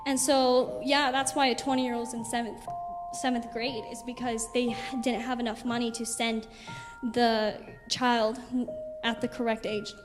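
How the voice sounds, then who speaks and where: A woman's voice: a little high, measured pace. A young woman, a missionary, chattily telling stories over a slideshow with lots of "like" fillers. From United States. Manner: chatty, animated storyteller with many "like" fillers. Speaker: missionary speaker. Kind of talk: casual slideshow testimony to a congregation. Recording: reverberant hall with music behind.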